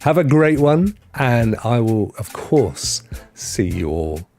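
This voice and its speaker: A man's voice: medium pitch, big pitch swings, slow pace, a little mellow, soft background music. A man hosting a live stream, chatting casually and answering viewers in the chat. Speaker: streaming host.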